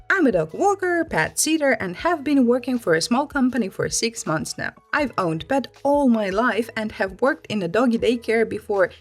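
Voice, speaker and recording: A woman reading online stories aloud in an expressive, lively storytelling manner. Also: a little high. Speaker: story reader.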